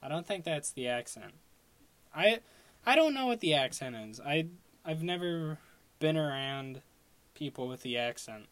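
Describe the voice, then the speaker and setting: A man's voice: fairly high pitch, sing-song, measured pace, long pauses, fairly bright tone, dry recording. A young man from Long Island talking in a casual solo podcast, rambling with lots of fillers and restarts. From Long Island, New York. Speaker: podcast host.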